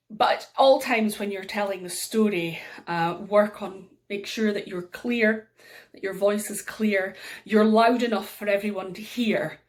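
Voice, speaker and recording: A woman with an Aberdeen Scottish accent gives a storytelling workshop. Her delivery is lively, with big swings in pitch and loudness as she demonstrates voices. Her speech is casual and full of ums. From Aberdeen, Scotland. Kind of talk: instructional workshop talk.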